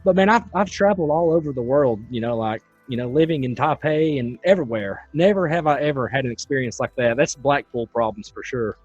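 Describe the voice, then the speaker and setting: A man hosting a podcast, telling a story in a loose and animated way. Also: mid-range voice, brisk, hardly any pauses, slightly rough, no echo, faint music behind. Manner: animated, tells stories in a loose, chatty way. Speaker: podcast host. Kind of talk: casual storytelling. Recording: dull, dry, lo-fi sound.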